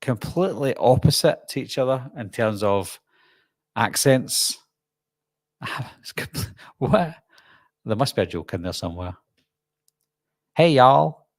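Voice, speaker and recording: A middle-aged man with a Glaswegian Scottish accent, hosting a relaxed live stream and chatting while reading out viewer comments. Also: fairly low pitch, normal speed, no echo. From Scotland. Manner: chatty, jokey, reads comments aloud and answers. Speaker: channel host.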